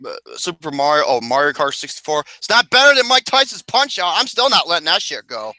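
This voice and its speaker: A man's voice: a little high, big pitch swings, a little fast, bright, forceful tone, no room sound. A man co-hosting a podcast in casual chat, rowdy, profane and teasing, on a close mic. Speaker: podcast co-host.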